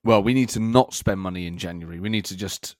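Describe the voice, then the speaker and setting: A man's voice: low-pitched, quick pace, darkish tone, no room sound, clean studio sound. A man co-hosting a casual chat, boastful and playful, breaking now and then into bits of song. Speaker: podcast co-host. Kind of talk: casual chat about fantasy football.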